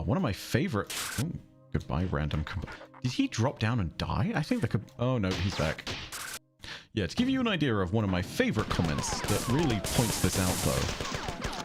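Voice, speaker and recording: A man with a southern English accent streaming a game, chatting casually in a rambling way and breaking off to react to the game. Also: lowish voice. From England. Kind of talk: casual livestream chat while gaming.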